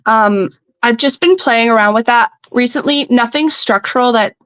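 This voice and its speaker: Woman from canada, young adult, casual unhurried chat with fillers, dry close mic. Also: on the high side, clear, resonant tone, dry recording, rough recording. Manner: relaxed, thinks aloud with fillers. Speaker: podcast guest, welder.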